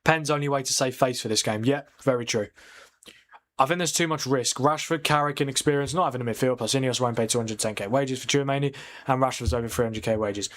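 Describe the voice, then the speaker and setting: Talking fast with a medium-pitched voice, the watchalong streamer hosts a live football match for his viewers. He's chatty, picking up and answering their comments, and reacts excitably to incidents in the game.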